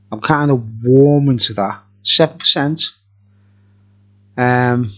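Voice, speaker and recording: A middle-aged man reviewing beer in a tipsy, jokey, rambling vlog chat, laughing often. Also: on the high side.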